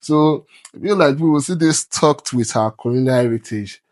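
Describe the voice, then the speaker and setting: A man's voice: medium pitch, normal speed, darkish tone. A young man from Nigeria with a Nigerian accent, talking emphatically on a podcast and mixing Pidgin into his English. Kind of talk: casual podcast chat.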